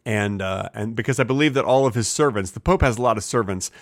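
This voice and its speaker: A man co-hosting a comedy podcast, rambling through absurd tangents in a deadpan way and slipping into goofy voices when he quotes. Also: fairly low pitch, fast, dry recording, clean studio sound. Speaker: podcast co-host.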